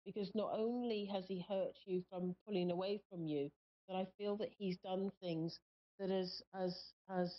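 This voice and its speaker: Halting woman host, muffled lo-fi sound. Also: mid-range voice, fairly even intonation. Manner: halting, searching delivery with many pauses. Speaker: psychic radio host. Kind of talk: live call-in reading. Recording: muffled lo-fi stream audio.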